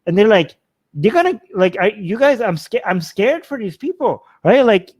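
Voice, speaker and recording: A man with a high voice hosts a show and chats casually with his live audience. He rambles and circles back to repeat his points. His voice is dry and close, with no room sound. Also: very animated, normal speed, a little mellow, dry recording. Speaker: show host.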